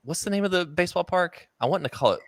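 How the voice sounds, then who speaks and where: A man's voice: sits high, animated, quick pace, no room sound, studio quality. A man hosting a podcast in casual chat, easygoing and playful, laughing along with his guest. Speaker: podcast host.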